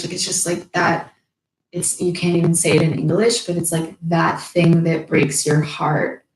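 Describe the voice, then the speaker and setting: A woman's voice: lowish voice, level tone, normal speed, a little mellow, a little hiss or hum. A young woman talking candidly and emotionally in a casual heartfelt conversation, swearing freely. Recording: echoey room.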